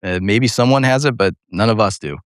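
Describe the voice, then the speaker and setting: Give me a man voicing a matter-of-fact rural doctor, low and quiet, in a dry room. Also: a little fast, dry recording, lightly acted.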